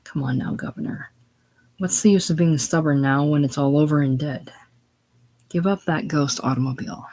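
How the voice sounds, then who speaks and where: A man's voice: a little high, normal speed, a little mellow. A man voicing a persuasive male salesman who coaxes and turns indignant, in a play reading. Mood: coaxing. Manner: coaxing, indignant. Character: smooth-talking male salesman, insistent and coaxing.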